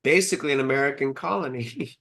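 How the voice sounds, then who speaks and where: Speaking at a quick clip with an extremely low-pitched voice, this young woman runs a live astrology stream. Her talk is chatty and profane, full of lively storytelling.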